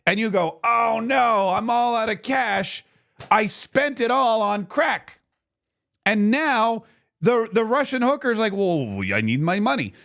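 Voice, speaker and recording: A male talk show host delivering a sarcastic political commentary monologue, acting out little scenes as he goes. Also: high-pitched.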